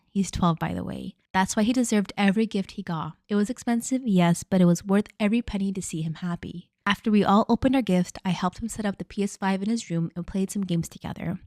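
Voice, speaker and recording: A woman's voice: mid-range voice, darkish tone, no room sound, clean studio sound. Candid woman telling a storytime. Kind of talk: storytime narration.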